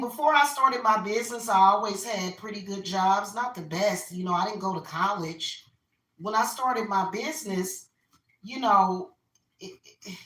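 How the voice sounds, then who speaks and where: Venting woman, bright and roomy. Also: mid-range voice, distant mic. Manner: opinionated, venting, repeats herself. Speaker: spiritual reader and vlogger. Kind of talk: casual rant while carving a pumpkin. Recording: roomy echo, voice off-mic.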